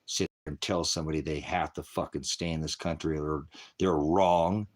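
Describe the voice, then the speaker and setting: A man's voice: very deep voice, fairly even intonation, moderate pace. A man ranting angrily on a live stream, swearing heavily and preaching to his viewers as brothers and sisters. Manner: profane, heated, scolding. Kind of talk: angry live-stream rant.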